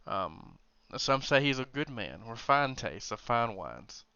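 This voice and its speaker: A man narrating a tabletop game as game master, often pausing and restarting. His voice is bright and smooth, recorded dry and close. The sound is dull and lo-fi. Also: medium pitch, big pitch swings, dry recording. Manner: hesitant, many restarts while narrating.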